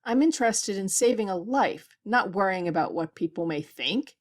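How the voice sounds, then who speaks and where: A woman's voice: mid-range voice, expressive, moderate pace, natural voice. A woman reading a tense space station doctor. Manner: clipped, pressured speech.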